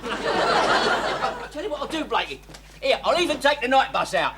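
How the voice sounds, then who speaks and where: Cheeky bus driver, wheedling and stammering, high voice, audience laughter behind. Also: male voice, sing-song, moderate pace, heavy background noise, full character voice. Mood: grumbling. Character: cheeky, grumbling working-class bus driver. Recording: 1970s TV sitcom with audience laughter.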